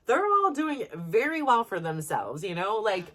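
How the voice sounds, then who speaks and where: A woman's voice: medium pitch, very animated, a little slow. A woman in her forties, hosting a podcast, venting in a rambling personal monologue full of fillers. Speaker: podcast host.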